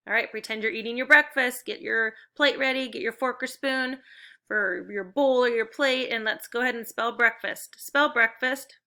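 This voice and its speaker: Bright-voiced woman teaching phonics slowly. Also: mid-range voice. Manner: slow, clear, encouraging teacher voice. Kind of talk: recorded phonics lesson for young children.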